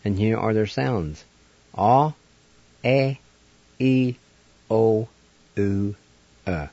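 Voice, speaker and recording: A man's voice: lowish voice, very slow, dark tone, dry recording, dull audio. A man hosting a radio language lesson, patiently spelling words letter by letter and sounding them out. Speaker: language teacher and radio host. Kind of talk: slow spelled-out pronunciation lesson.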